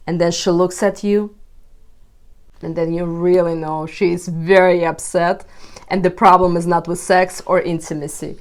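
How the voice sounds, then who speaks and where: A woman relationship coach giving advice straight to camera to her viewers, expressive and emphatic. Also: lowish voice, unhurried. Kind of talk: direct-to-camera advice video.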